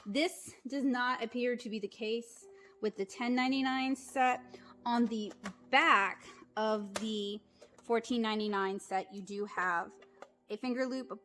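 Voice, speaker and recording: A woman giving a casual, chatty art supply review, frank with her opinions and quick to laugh a little. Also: on the high side, a bit bright.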